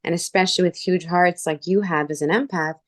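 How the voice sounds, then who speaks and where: Canadian woman hosting a chat, lower voice, tells stories all animated, does the voices when she quotes people. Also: a little fast, no room sound, studio quality. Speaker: show host. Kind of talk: casual chat.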